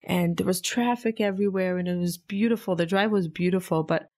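Woman vlogger, slightly low voice, sincere and self-reflective. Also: a little fast, darkish tone. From Israel. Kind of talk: reflective personal monologue.

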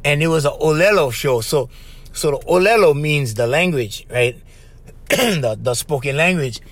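A man's voice: on the high side, lively intonation, unhurried, a bit bright, no room sound. A middle-aged man from Hawaii with a Hawaiian Pidgin-tinged accent, hosting a casual solo podcast and telling stories loosely, calling the listener bro. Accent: Hawaiian Pidgin-tinged English. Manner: loose storytelling, calls listener bro, asks right?. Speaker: podcast host.

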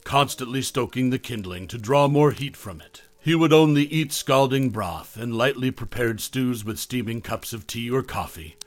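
A man's voice: mid-range voice, animated, normal speed, few pauses, no echo. Man narrating a horror story.

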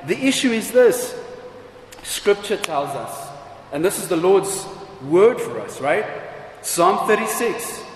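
A man's voice: sits high, sing-song, takes it slowly, slight background noise. A man preaching a sermon, reading scripture and pressing his points with repeated rhetorical questions. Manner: emphatic, rhetorical repetition and questions. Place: church hall. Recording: echoey hall with faint ambience.

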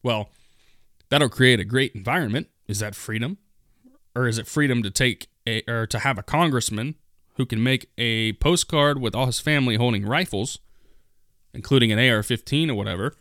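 A solo political podcast host reads news stories aloud and riffs on them in a sarcastic, mocking, profane way. His medium-pitched, fairly bright voice moves at a moderate pace, captured dry with studio quality.

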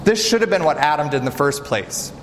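A man preaching a sermon, animated and direct, often asking the congregation rhetorical questions. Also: on the high side, fairly quick, slight background noise. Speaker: pastor. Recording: reverberant hall with faint ambience.

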